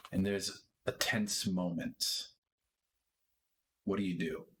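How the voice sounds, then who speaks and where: A man with a low, slow voice running a tabletop game as game master. He sets scenes in measured, descriptive narration. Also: fairly even intonation, fairly bright tone, a little hiss or hum.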